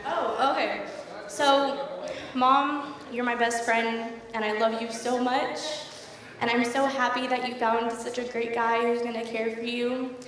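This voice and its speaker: A young woman gives a wedding toast, her voice a little high, gushing and emotional as she fights back tears. She sounds far from the mic in a long, echoing hall. A crowd murmurs behind her. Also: flat delivery, a little slow. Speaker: daughter of the bride giving a toast.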